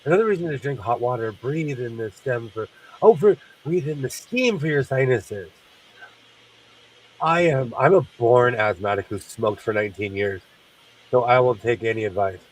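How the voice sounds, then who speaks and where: A man's voice: mid-range voice, moderate pace, distant mic, a little hiss or hum, rough recording. A man hosting a sewing livestream, congested from sinus trouble, chatting in a rambling way and laughing often. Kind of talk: casual chat while sewing.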